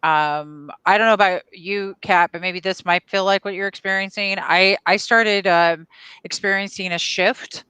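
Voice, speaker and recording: A woman's voice: medium pitch, fairly even intonation, normal speed, sharp tone, smooth, no echo. A woman co-hosting a live stream, casually chatting and reading out viewer comments in an upbeat, agreeable way. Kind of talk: casual chat.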